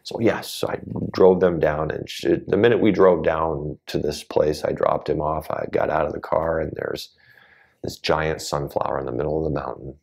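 A man's voice: extremely low pitch, steady tone, normal speed, vocal fry, a little mellow. A man as a guest on an interview show, telling a personal story earnestly and acting out the voices of people he quotes.

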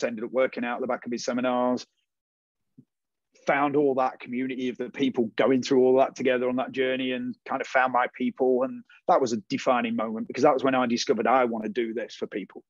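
A man's voice: mid-range voice, dry recording, lo-fi sound. A man, a guest in a casual interview, telling his story animatedly and acting out the voices of people he quotes.

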